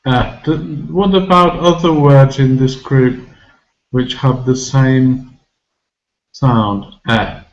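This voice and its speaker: A man teaching English vocabulary and pronunciation, saying each word slowly and clearly for learners to repeat. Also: medium pitch, muffled recording. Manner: slow, deliberate enunciation, modelling words for repetition. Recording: roomy echo with loud music behind.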